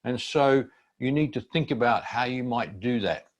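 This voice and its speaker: An older man teaching a student seminar, explaining speaking skills in a measured, instructive way. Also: medium pitch. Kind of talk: seminar presentation.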